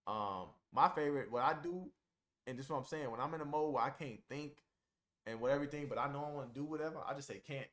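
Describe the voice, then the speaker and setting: A man's voice: mid-range voice, quick pace, a bit bright. A man talking casually to camera, giving blunt, informal advice and repeating his points for emphasis.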